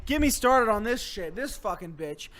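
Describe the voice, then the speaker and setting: Really high-pitched guy doing an angry sweary comedy rant, all mock tough-guy threats. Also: lively intonation, normal speed, fairly bright tone. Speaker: host.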